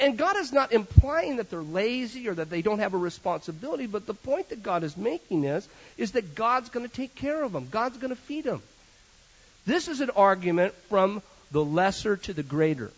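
A man preaching a sermon as pastor, an animated storyteller with joking asides. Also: high voice, breathy edge. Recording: dull lo-fi sermon recording.

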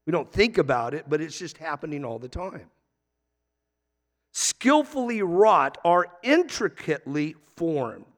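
A man preaching in a church, his somewhat high voice carrying a long reverb tail through the sanctuary. He reads scripture in slow, drawn-out phrases, then lifts into emphatic, energetic points before settling again. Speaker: pastor. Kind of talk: sermon.

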